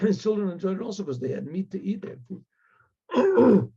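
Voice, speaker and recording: A man, a rabbi, telling a story with animated delivery, acting out the voices of the characters. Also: high voice, normal speed, slightly rough, dull audio.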